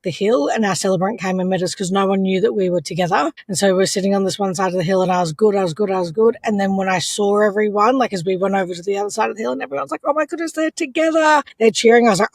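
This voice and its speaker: A young Australian woman chatting as a podcast guest, full of life and playing out every voice in her stories. Her tone carries a gravelly fry, and the sound is close and dry with no room around it. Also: mid-range voice, dry recording. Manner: animated, acts out quotes, laughs often. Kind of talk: casual storytelling chat.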